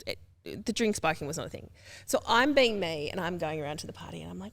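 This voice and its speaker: A woman, chatting casually as a podcast guest and telling lively stories that jump up in pitch when she quotes people. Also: fast, vocal fry, a little hiss or hum. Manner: animated storyteller, jumps to high pitch for quoted voices. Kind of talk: casual chat.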